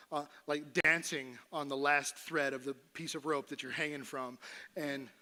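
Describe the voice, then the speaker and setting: A middle-aged pastor preaches in a church sanctuary in an easygoing, conversational way. His voice is somewhat higher than the typical man's, and he has fun slipping into voices for Moses and God.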